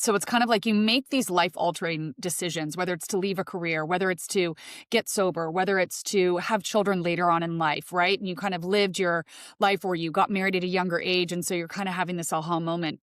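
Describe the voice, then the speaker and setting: A woman in her forties hosts a podcast conversation and responds with eager encouragement. Her voice is lowish for a woman. The sound is close and dry. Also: steady tone, a little fast, dry recording. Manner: warm, affirming and enthusiastic. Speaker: podcast host. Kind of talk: conversational interview.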